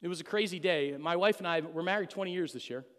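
A man's voice: sits high, fast talker, fairly bright tone, clean tone. A middle-aged man giving an earnest, emotional personal testimony to a church congregation. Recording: long hall reverb.

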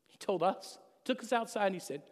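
A man's voice: high voice, animated, fairly quick. A middle-aged man giving an earnest, emotional personal testimony to a church congregation. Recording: long hall reverb.

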